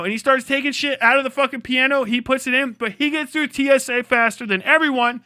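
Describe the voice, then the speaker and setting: High, bright-voiced man ranting profanely. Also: brisk, few pauses, smooth, dry recording, studio quality. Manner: profane, rambling, animated. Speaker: live streamer. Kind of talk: comedic rant.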